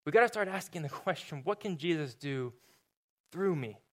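A man preaching a sermon in a relaxed, conversational way, often repeating words, then leading a prayer. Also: fairly high pitch, normal speed. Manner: casual, repeats words, filler-heavy preaching. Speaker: pastor.

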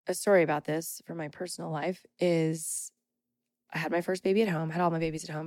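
A woman's voice: deep voice, darkish tone, dry recording. A young adult woman hosting a podcast, telling a personal story in an emphatic, indignant, casual way. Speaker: podcast host.

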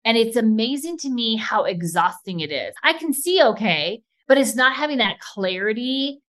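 A woman co-hosting a podcast who talks quickly and with plenty of enthusiasm. Her delivery is lively and conversational, easy-going chat with a listener in mind. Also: on the high side. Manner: enthusiastic, fast-talking, animated. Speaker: podcast co-host.

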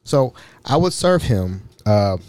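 Man, podcast storyteller, casual and chatty, lively swinging pitch, close dry mic. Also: slow, clear, resonant tone, no echo. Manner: chatty and animated, with many fillers like "you know". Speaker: podcast host recounting work stories.

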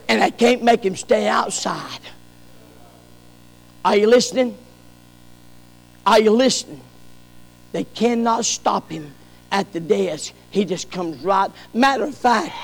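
A man preaching a sermon as pastor, rising to shouted peaks and dropping to soft, low passages. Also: creaky, in a large hall, low-quality recording.

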